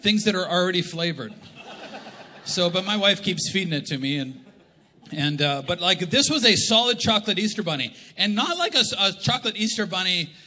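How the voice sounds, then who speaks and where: A middle-aged Canadian man preaching a humorous sermon, telling stories and acting out quotes with animated delivery. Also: high voice, fairly quick. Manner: animated, jokey, acts out quotes. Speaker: pastor. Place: large church hall. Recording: live church hall reverb.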